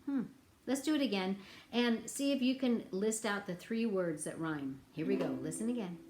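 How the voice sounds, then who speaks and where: A woman's voice: mid-range voice, moderate pace, a little mellow. A woman teaching a children's music lesson, chatting playfully to the kids and breaking into sing-along nursery rhymes. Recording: echoey room with ukulele.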